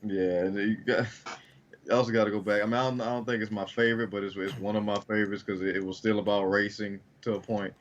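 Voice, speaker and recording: A man co-hosting a podcast, talking in a halting way full of fillers and trailing off. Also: on the low side, level tone, highs cut off, slight background noise. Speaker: podcast co-host. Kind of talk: casual chat.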